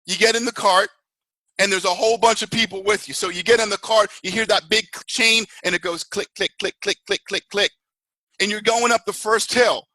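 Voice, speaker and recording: A man delivers a motivational talk as a network marketing mentor, in an animated, storytelling way. His voice sits high and sounds bright and forceful. The recording is dry and close. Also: a little fast, no echo, poor audio. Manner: animated storytelling, acts out screaming riders.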